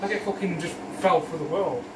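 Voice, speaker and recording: A high-voiced young man swears and jokes his way through a kitchen chat. He sits some way from the mic, and the room rings around him over a steady hum of noise. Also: fairly quick. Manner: crude, swearing, joking. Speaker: co-host. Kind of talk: casual chat while cooking. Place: home kitchen. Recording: echoey kitchen, distant mic, noisy.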